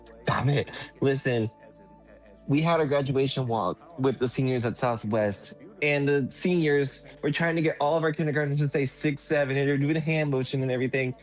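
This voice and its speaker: A man's voice: mid-range voice, moderate pace, faint music behind, poor audio. A man who teaches young children, telling classroom stories in casual chat with playful exaggeration. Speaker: school teacher.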